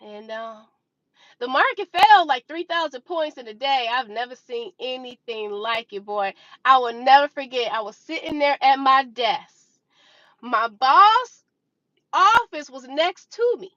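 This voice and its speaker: A woman's voice: high voice, sharp tone, dry recording. A woman in her twenties telling a personal trading story to her viewers in a casual, dramatic way, acting out her own reactions. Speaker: vlogger sharing stock trading experience. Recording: slightly dull, dry recording.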